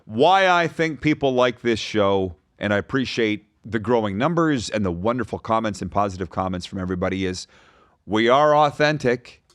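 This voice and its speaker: Energetic male sports podcast host. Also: on the low side, normal speed, dry recording, clean studio sound. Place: podcast studio. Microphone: studio microphone.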